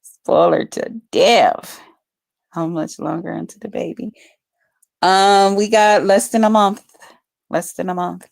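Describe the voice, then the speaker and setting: A woman's voice: medium pitch, fairly even intonation, slow, vocal fry, long pauses, darkish tone, dry recording. A woman chatting casually to her viewers on a phone livestream from home, rambling and swearing freely. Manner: rambling, profane, talks straight to viewers.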